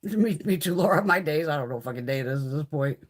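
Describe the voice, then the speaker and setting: A beauty vlogger chats with live viewers in a low voice, talking fast. She is animated and foul-mouthed, swearing constantly and acting out quoted exchanges in casual conversation.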